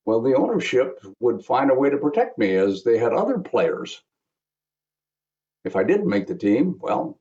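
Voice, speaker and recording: A man's voice: lowish voice, mellow, highs cut off. A man in his seventies giving a remembrance speech as a guest speaker, telling a personal story with wry asides. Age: 70s.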